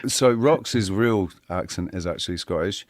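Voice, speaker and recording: A man's voice: sits low, measured pace, no room sound. A man hosting a livestream panel in casual chat, rambling and restarting his sentences and swearing freely.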